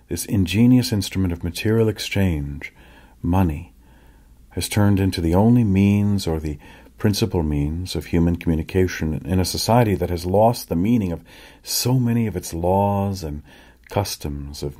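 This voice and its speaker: A man narrating an audiobook in a measured, reflective first-person manner. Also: low-pitched, warm tone, slightly rough.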